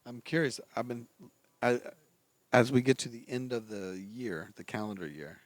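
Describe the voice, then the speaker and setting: A man's voice: mid-range voice, expressive, normal speed, no echo. A man from Florida co-hosting a casual podcast chat at night on a back porch, talking in a rambling, hesitant way and correcting himself. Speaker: podcast co-host.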